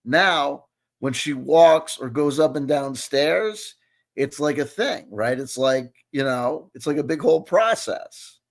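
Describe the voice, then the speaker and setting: Hosting a laid-back reaction commentary, a man in his late forties curses, rambles, and keeps checking "you know what I mean." His voice is a little high, and he takes it slowly.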